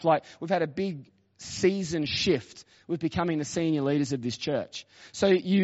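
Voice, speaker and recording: A man's voice: on the high side, darkish tone. A man, a senior pastor telling stories in a sermon and quoting himself and others in a chatty way. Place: church auditorium. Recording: dull reverberant church hall recording.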